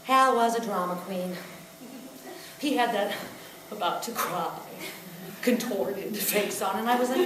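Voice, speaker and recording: A woman performing a solo comic show on stage, telling wry, expressive stories about her brother. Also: medium pitch, a little slow, pauses often, background noise. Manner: wry, expressive storytelling, breaking into song. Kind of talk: live comic storytelling with song. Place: small theatre stage. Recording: roomy live theatre recording from a distance. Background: audience laughter.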